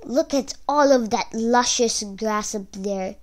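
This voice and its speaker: A woman voicing a middle-sized male billy goat in a storybook reading, a little lower than the smallest goat. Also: takes it slowly, a little mellow. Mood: eager. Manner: slightly lower than his little brother.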